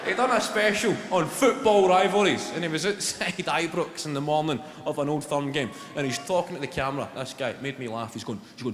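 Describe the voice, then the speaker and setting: Swearing Scottish stand-up comedian. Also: male voice, fairly high pitch, brisk, hardly any pauses, slight background noise. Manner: animated, swearing, storytelling. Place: large comedy venue. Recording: echoey hall with loud crowd.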